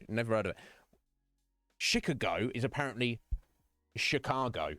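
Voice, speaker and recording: A man's voice: medium pitch, animated, brisk, fairly bright tone, dry recording. A British man streaming and chatting casually, rambling through anecdotes with lots of asides. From Britain. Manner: rambling storytelling with quoted voices and laughs. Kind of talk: casual chat.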